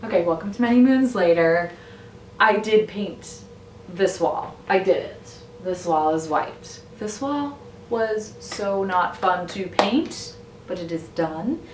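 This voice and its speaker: A woman's voice: mid-range voice, expressive, takes it slowly, slight background noise. A woman chatting casually in a home vlog, thinking aloud with lots of "like" as she paints her living room. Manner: hushed at night. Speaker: homestead vlogger.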